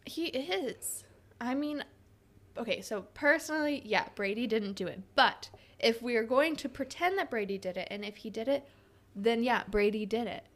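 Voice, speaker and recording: Bubbly young woman, higher voice. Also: lively intonation, moderate pace. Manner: bubbly, giggly, chatty. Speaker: podcast co-host. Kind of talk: casual chat recapping a TV episode.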